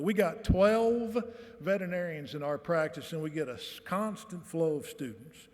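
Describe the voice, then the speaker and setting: A man's voice: on the high side, normal speed. A man, giving a commencement speech in a folksy storytelling way and reading aloud at a podium microphone. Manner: folksy, animated storytelling with voiced quotes. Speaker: commencement speaker. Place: large hall, on stage. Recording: reverberant hall.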